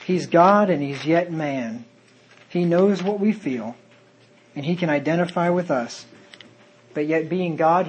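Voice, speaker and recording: A man's voice: a little high, a little mellow, slight background noise, rough recording. A man preaching a sermon in an earnest manner, reading Bible verses aloud in old-fashioned wording.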